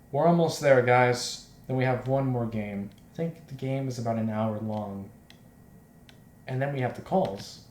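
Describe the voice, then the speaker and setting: Man, let's play host, chatty and rambling, mid pitch, roomy echo, faint background noise. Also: a little slow, pauses often, a little mellow. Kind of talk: casual game commentary and reading. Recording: echoey room with faint noise.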